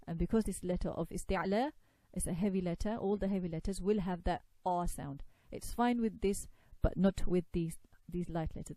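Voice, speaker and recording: A woman leads a tajweed lesson, patiently sounding out Arabic letters one by one for her students to repeat. Her voice sits low and mellow. The recording is close and dry, with no room echo. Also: fairly even intonation. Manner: patient, repeats sounds slowly for learners to copy. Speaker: Quran recitation teacher.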